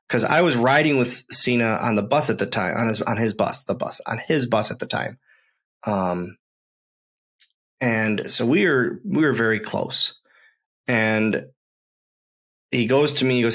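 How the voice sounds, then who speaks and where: A man's voice: medium pitch, unhurried, long pauses, fairly bright tone. A man hosting a podcast, telling wrestling stories in an enthusiastic, rambling way and often repeating himself. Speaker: podcast host, former wrestler. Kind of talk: casual podcast storytelling.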